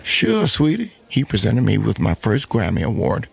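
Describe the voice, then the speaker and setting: A man's voice: fairly low pitch, huge pitch swings, normal speed, vocal fry, slightly rough, full character voice. A man voicing a sassy, regal woman singer who makes wry, cutting remarks.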